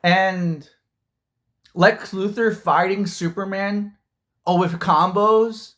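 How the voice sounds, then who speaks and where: A man ranting about a film in a loose, heated way, his voice sitting a little higher than most men's. He rambles, circles back on himself and leans on "like" and "dude" as he goes. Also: steady tone, slow pace, a bit bright. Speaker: movie reviewer. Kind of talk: casual opinion rant.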